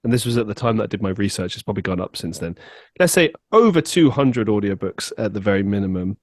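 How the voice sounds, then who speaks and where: A man's voice: lowish voice, big pitch swings, fast talker, dry recording, studio quality. A man hosting a podcast, asking friendly, sympathetic questions of his guest. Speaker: podcast host. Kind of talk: interview.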